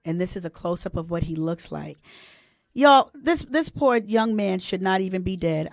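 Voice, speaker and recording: A woman's voice: fairly high pitch, very animated, moderate pace, gravelly, a bit bright, no echo, clean studio sound. A woman, hosting a casual live-stream chat, chatty and emotional as she talks to her viewers. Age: 40s. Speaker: host.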